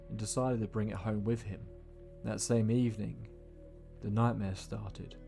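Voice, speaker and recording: Low mellow man narrating a horror story. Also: creaky. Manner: measured, slowing for suspense.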